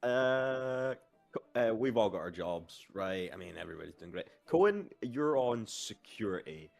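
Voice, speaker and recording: A male player in a tabletop game, stammering and flustered as he talks. His voice sits low, with faint music behind. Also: sing-song, moderate pace, gravelly, darkish tone. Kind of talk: tabletop role-play.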